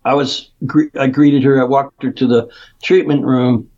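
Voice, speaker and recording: Male interview guest, animated storyteller, mid-pitched, dull lo-fi remote audio. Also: moderate pace. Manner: animated storyteller who acts out quotes. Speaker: guest, nutrition practitioner.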